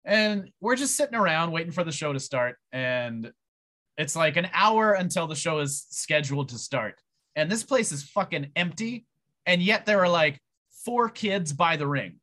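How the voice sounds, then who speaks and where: A man guesting on a podcast, telling a long casual story in a profane, rambling, animated way. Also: fairly high pitch, moderate pace. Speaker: podcast guest, pro wrestler.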